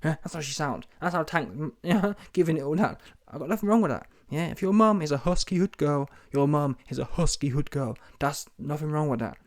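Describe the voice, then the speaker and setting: A man's voice: a little high, animated, brisk, few pauses. Brash man ranting. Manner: brash, mocking, heavy street slang. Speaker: commentary vlogger. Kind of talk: mocking commentary rant.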